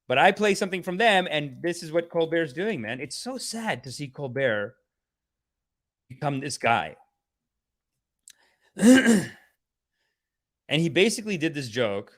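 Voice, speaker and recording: A man's voice: a little high, sing-song, slow, pauses often. A man hosting a comedic satirical rant in a sarcastic, preachy, mock-guru manner. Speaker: comedic channel host.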